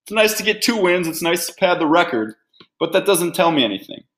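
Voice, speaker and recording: A man's voice: high-pitched, big pitch swings, a little fast, fairly bright tone. A man hosting a sports podcast, delivering a blunt, fired-up, opinionated rant.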